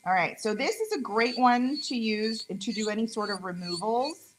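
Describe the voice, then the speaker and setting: A woman's voice: on the high side, expressive, normal speed, a little hiss or hum, poor audio. A woman with a Mexican accent, whose first language is Spanish, chatting and joking while she demonstrates nail tools live. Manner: chatty, joking, playful asides. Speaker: nail tech demonstrating products. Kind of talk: casual live product demo.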